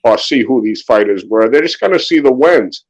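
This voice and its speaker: A man's voice: medium pitch, expressive, normal speed, low-quality recording. A man from Maine, calling in and chatting in an effusive, rambling way. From Maine, USA. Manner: effusive and rambling, repeats words. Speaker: guest caller. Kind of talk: casual chat.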